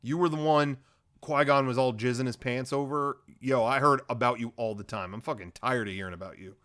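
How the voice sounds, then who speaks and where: A man voicing a smug older male villain count who talks in casual slang and mocks his prisoner, at an ordinary pitch. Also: a little fast, a bit bright, natural voice.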